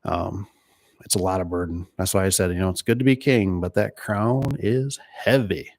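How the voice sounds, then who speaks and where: Rambling man with a low, dry voice. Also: fairly even intonation, moderate pace, vocal fry, a little mellow, no echo. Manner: rambling, conversational, lots of fillers and "right?" tags; retells conversations in quoted dialogue. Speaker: door and gate business owner. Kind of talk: casual chat.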